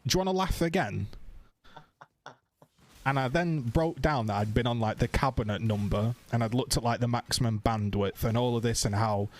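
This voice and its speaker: A British man streaming, telling a story in casual, animated chat and swearing freely. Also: medium pitch, brisk, hardly any pauses. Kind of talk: casual chat, ranting anecdote.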